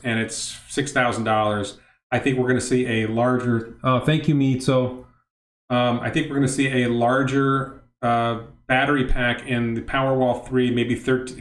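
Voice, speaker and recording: A middle-aged man talks casually on a livestream in a mid-pitched voice, reading viewers' questions aloud and wandering off into asides. He often stops and restarts his sentences. The room around him sounds echoey. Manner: rambling, self-interrupting, reads chat questions aloud. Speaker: livestream host. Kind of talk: casual livestream talk answering chat questions.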